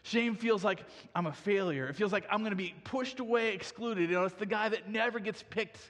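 High-voiced preacher guy, chatty sermon, loads of "you know", big echoey church hall. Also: brisk, fairly bright tone. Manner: casual storytelling with many fillers. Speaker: pastor.

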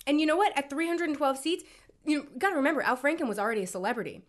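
A woman co-hosting a casual political chat, blunt and quick to swear. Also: high voice. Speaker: podcast co-host.

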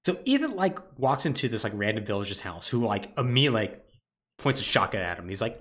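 Lively, animated male podcast host. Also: lowish voice, quick pace. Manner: animated plot retelling with lots of "like" fillers. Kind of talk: casual podcast chat.

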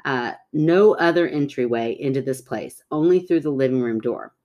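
A woman's voice: very deep voice, normal speed, lo-fi sound. A woman co-hosting a podcast, chatting casually and reading listener stories aloud, laughing often. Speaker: podcast co-host.

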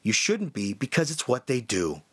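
A man hosting a podcast, telling a story casually with many fillers and lively shifts in tone. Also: mid-range voice, normal speed, slightly rough. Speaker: podcast host.

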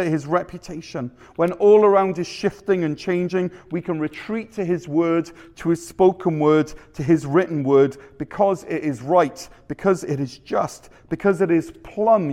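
Male pastor, slightly raised pitch, measured sermon delivery with rhetorical questions, church setting. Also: darkish tone. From Canada. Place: church sanctuary.

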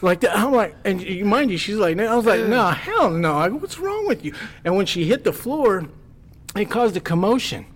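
A man guest on a podcast telling a wild story casually, animated and swearing freely as he acts out what others said. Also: high-pitched, normal speed, slight background noise.

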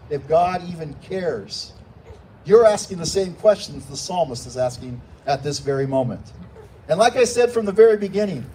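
A male pastor preaching a sermon in a church, animated and climbing into shouts when he voices a plea. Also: a little high. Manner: animated, rising to shouts when quoting pleas. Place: church sanctuary. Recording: distant mic with faint room noise.

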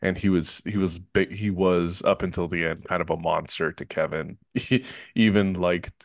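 A man's voice: sits low, fairly even intonation, normal speed, no room sound, clean studio sound. A man co-hosting a podcast, talking earnestly and reflectively about a film, with many fillers and restarts. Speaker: podcast co-host. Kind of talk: casual film review chat.

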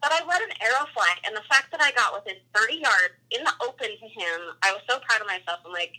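A woman recounts a hunt in a casual, animated way, acting out the quotes and the animal calls. Her voice is very bright and sits a little high for a woman. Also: fast, poor audio. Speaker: hunter telling a story. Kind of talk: casual storytelling.

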